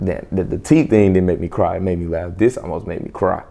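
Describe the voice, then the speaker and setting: A young adult man telling stories in a relaxed, casual chat as a podcast co-host, with many restarts. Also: low voice, a little fast, vocal fry. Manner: storytelling, loose and laid-back with restarts.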